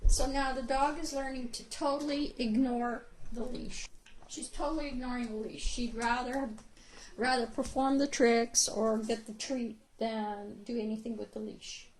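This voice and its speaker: Calm, slow-talking woman dog trainer. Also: a little high, low-quality recording. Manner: calm, patient, slow-spoken, praises the dog softly. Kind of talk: instructional video narration.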